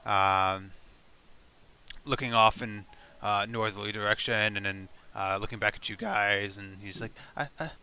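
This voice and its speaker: A man narrating a tabletop game as game master, casual and halting as he describes the scene. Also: fairly low pitch, little pitch movement, pushed and bright, clean tone.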